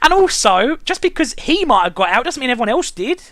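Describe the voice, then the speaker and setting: Ranting, lively, sweary man. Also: very high-pitched, a little fast, slight background noise. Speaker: show reviewer and host. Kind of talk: casual review chat.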